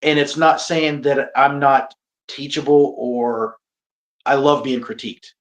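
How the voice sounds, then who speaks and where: As an interview guest, a male pro wrestler chats in an unhurried, mid-range voice. He's lively and jokes at his own expense, often laughing and going back to repeat or restart what he's saying.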